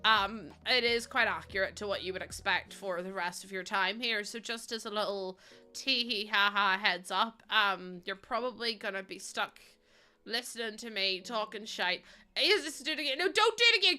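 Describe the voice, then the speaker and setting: A woman's voice: fairly high pitch, smooth. A young Northern Irish woman chatting casually on a livestream, unfiltered and prone to laughter and sudden squeals. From Northern Ireland. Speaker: streamer. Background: soft background music.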